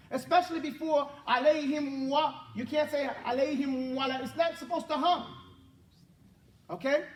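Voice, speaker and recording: A very high-pitched male teacher, far from the mic, runs a Quran pronunciation drill in an echoey classroom where the students can be heard. He keeps correcting them, modeling each sound slowly and having them repeat it again and again.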